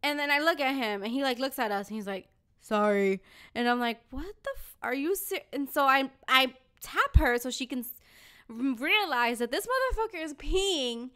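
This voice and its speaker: A young woman with a high voice tells a story on a casual podcast. She swears freely and slips into the voices of the people she describes. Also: moderate pace, smooth. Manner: animated, swears a lot, acts out the people in her story. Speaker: podcast host.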